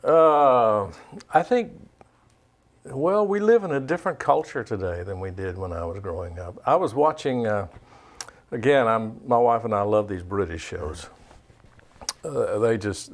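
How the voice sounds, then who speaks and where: A man's voice: on the low side, animated, measured pace. A man, a guest on a studio talk show, explaining things emphatically and repeating his key points. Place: recording studio.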